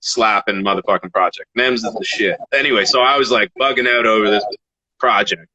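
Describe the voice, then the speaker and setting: A man from Canada, a guest rapper, telling casual stories in an animated, swearing way. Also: on the low side, fairly quick, no room sound, highs cut off. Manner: animated, swearing, laughs between phrases. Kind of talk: casual storytelling.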